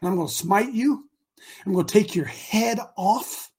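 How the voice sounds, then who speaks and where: A man voicing a brash, eager young shepherd hero who talks slang and whines and shouts in a high, husky voice. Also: normal speed. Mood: cocky.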